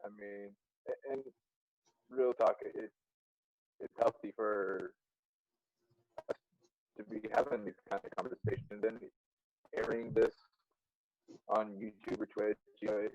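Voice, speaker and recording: A man's voice: lowish voice, dry recording, muffled recording. A man joining a podcast discussion, speaking hesitantly with many fillers. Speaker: podcast guest. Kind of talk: casual discussion.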